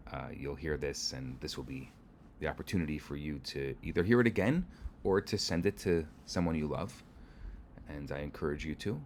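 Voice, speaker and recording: A man giving a gentle, earnest holiday sermon as rabbi. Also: extremely low pitch, a little hiss or hum.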